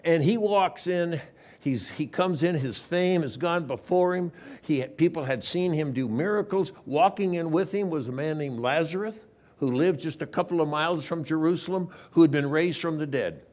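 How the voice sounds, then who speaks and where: A man's voice: on the high side, moderate pace. Man preaching a storytelling sermon. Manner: storytelling with sudden swings between loud and hushed. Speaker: pastor.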